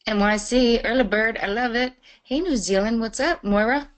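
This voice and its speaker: A woman's voice: a little high, normal speed. Bubbly woman hosting a live webinar. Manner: bubbly, chatty, greeting viewers by name. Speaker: webinar host.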